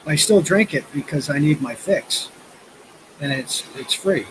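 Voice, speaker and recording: A man's voice: fairly high pitch, expressive, unhurried, noisy background. A man in his fifties chatting casually on a live stream, rambling through stories with lots of fillers. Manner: rambling storytelling with frequent fillers. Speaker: vlogger. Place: outdoors by a river.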